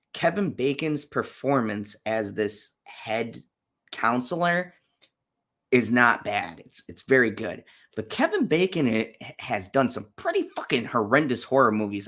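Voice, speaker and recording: A man's voice: medium pitch, fairly bright tone. A man hosting a casual livestream, reviewing horror movies with blunt, profane ranting and chatting with viewers. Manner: talks to live chat viewers. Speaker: channel host.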